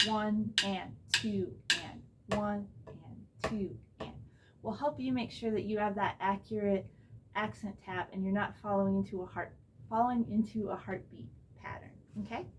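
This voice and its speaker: A young woman with a fairly high voice gives a casual drum lesson and explains each step in a relaxed, easygoing way. She is recorded in a room with her kit on a low-quality camera mic. A faint hiss sits under her voice. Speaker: drum teacher. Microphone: phone or camera mic.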